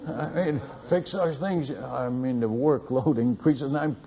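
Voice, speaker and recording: A man, a missionary, tells a lively testimony story, laughing and repeating words as he goes. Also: mid-range voice, unhurried, vocal fry, in a large hall, a crowd in the background. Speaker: missionary speaker. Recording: dull lo-fi recording.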